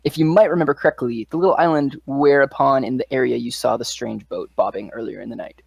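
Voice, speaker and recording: A man's voice: medium pitch, fast, creaky, a little mellow, breathy edge, no room sound, muffled recording. Guy running a tabletop game, storytelling with lots of likes and ums, dry close sound. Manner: vivid storytelling with loose fillers. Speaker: game master.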